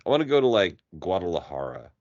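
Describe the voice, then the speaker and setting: A man's voice: on the low side, moderate pace, clean tone, no room sound, muffled recording. A man co-hosting a casual podcast chat, telling stories with put-on mock accents. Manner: animated storyteller, puts on mock British and Aussie voices. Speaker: podcast co-host.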